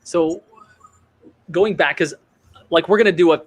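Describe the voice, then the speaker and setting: A man's voice: on the high side, a little slow. A man hosting an interview podcast, asking loose, rambling questions with restarts. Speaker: podcast host.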